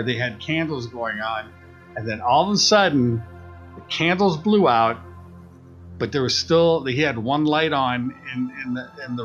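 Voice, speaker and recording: A medium-pitched man, recorded with the highs cut off, co-hosts a podcast. He tells a story in a casual, animated way, imitating the voices of the people involved.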